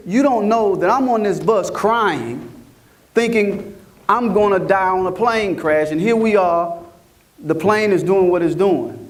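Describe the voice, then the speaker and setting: A middle-aged man tells his story to a conference crowd in an animated, motivational way, often checking in with the audience. His voice sits a little high for a man. He sounds set back from the microphone. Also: distant mic. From Mississippi, US. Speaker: conference speaker.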